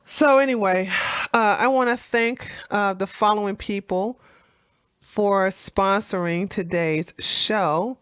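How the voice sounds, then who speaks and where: This livestream host is a woman running a casual political chat, animated and laughing, her speech full of fillers and restarts. Her voice sits at medium pitch and moves slowly, with a clean tone and clean studio sound free of echo.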